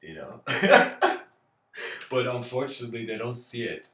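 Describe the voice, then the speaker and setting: A man's voice: medium pitch, pushed and bright, far from the mic. A man giving an informal spiritual lecture, rambling, laughing often and using lots of fillers. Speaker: speaker. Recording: roomy echo.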